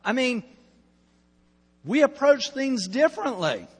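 A male pastor preaching a sermon, telling the story with asides and swinging between loud and hushed delivery. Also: very high voice, sing-song, takes it slowly, slightly rough. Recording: long hall reverb.

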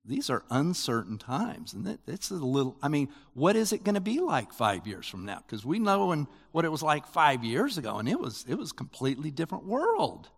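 An older man giving a sermon as pastor, in a conversational, animated preaching manner with rising emphasis. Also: a little high, brisk, vocal fry, few pauses, slightly rough, in a large hall.

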